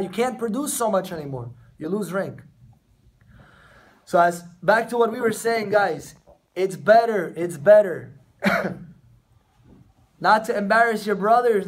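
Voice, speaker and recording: High-voiced rabbi teaching students. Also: male voice, a little hiss or hum. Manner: conversational, addresses students directly, acts out quotes. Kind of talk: informal Torah class. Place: room with a small group of students. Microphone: camera recording the class.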